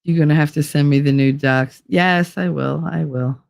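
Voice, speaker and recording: A woman's voice: deep voice, normal speed, gravelly, no echo, clean studio sound. A middle-aged woman vlogging in casual chat, blunt and profane as she tells stories from home life. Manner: blunt, profane, animated storytelling.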